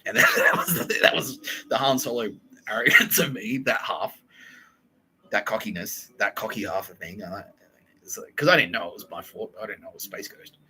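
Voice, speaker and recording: Young man, cursing podcast host, sharp, tense voice, lowish pitch. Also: animated, fairly quick, slightly rough, low-quality recording. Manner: rambling, profane, laughs a lot. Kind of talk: casual comedic monologue.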